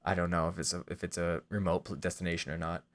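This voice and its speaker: Low-voiced man rambling through sketch ideas. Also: little pitch movement, quick pace. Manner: rambling, self-deprecating, many fillers. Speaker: comedian pitching sketch ideas. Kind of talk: casual monologue.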